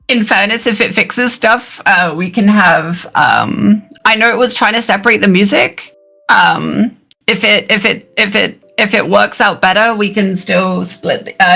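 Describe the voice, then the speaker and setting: Woman streamer with a bright, gravelly voice, halting and repeating herself. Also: medium pitch, faint music behind. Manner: halting, repeats words, laughs often. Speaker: streamer and collab guest. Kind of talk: casual stream chat.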